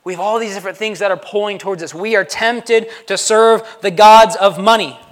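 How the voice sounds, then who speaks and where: A man's voice: high-pitched, steady tone, brisk. A male pastor preaching a sermon in a conversational way, often checking in with the congregation by asking "right?". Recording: long reverb of a large hall.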